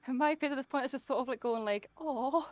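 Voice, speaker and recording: A woman's voice: high voice, no room sound. A woman playing in a tabletop game, casual and chatty, peppering her speech with fillers, over background music. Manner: casual, chatty, says "like" a lot. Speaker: player.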